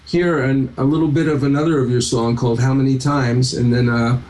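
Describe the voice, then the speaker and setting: A man's voice: mid-range voice, fairly even intonation, brisk, darkish tone, low-quality recording. A man hosting a casual radio interview, asking chatty, teasing questions. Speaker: radio show host.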